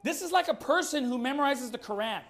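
A man preaching a sermon, firing rhetorical questions and reading scripture slowly and deliberately. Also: extremely high pitch, animated, a bit bright. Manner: emphatic, fires rhetorical questions.

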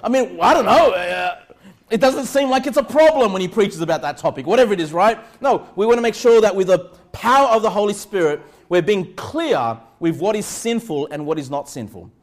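Pastor, male, high voice, sermon delivery that jumps from calm to shouting. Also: fairly quick. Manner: swings from calm teaching to loud shouted emphasis; repeats "all right?" and "okay?" to the congregation.

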